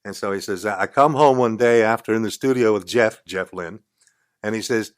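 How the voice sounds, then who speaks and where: A man's voice: on the low side, normal speed. An older man, a radio talk show host, telling profane, chatty anecdotes as a guest in a podcast studio. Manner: blunt, profane, chatty raconteur. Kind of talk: casual anecdotal storytelling.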